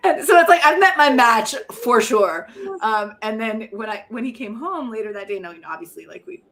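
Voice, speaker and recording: A woman's voice: fairly high pitch, animated, brisk, fairly bright tone, slight background noise. A middle-aged woman, a poet and professor, talking frankly and reflectively in an interview, often laughing at herself. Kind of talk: candid conversational interview.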